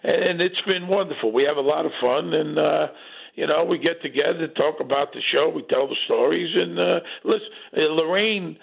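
A man's voice: a little high, moderate pace, creaky, breathy edge. Rambling male guest on a phone line. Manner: storytelling, lots of fillers. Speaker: actor and guest. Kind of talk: casual chat.

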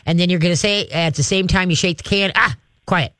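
A man's voice: high-pitched, fairly even intonation, fast, fairly bright tone, clear, resonant tone, no room sound, clean studio sound. A man hosting a call-in radio show, giving direct, folksy dog-training advice and acting out firm commands with growls.

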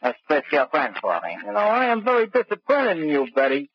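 An actor playing a sarcastic gangster boss who talks in clipped street slang, in a 1940s radio drama on a muffled, hissy broadcast. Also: male voice, a little high, huge pitch swings, brisk. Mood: menacing. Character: tough-talking male gangster boss, sarcastic.

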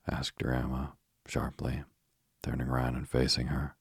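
A man narrating a bedtime story in a calm, even way. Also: very deep voice, a little slow, creaky, breathy edge, no room sound, studio quality.

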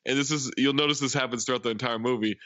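A bright, forward-sounding man retells a comedy movie in loose, chatty fashion, full of "uh"s and "like"s. The recording is dry and a little dull, as if made close to a modest mic. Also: mid-range voice, rapid-fire, no room sound. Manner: animated retelling, frequent laughs and filler words. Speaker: podcast co-host. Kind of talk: casual movie recap chat.

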